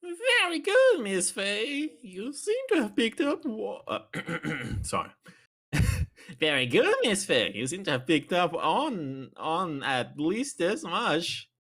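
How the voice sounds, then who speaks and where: A woman voicing a stern elderly male courtroom judge in a game, speaking in formal, deliberate pronouncements. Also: medium pitch, big pitch swings, fairly bright tone, exaggerated voice.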